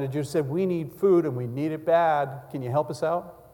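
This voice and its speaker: A male pastor preaching a sermon and communion prayer, swinging from loud cries down to hushed near-whispers. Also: on the high side, normal speed, big-room sound.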